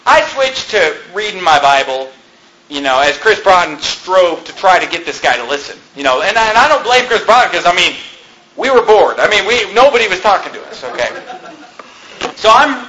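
A man's voice: sits high, pushed and bright, a little hiss or hum. A male pastor telling a story from the pulpit in an emphatic, conversational way, chuckling now and then. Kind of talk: sermon storytelling. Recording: echoey room.

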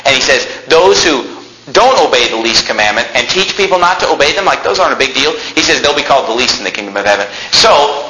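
A man preaching a sermon with emphatic rhetorical questions, sometimes shouting. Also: fairly high pitch, echoey room, poor audio.

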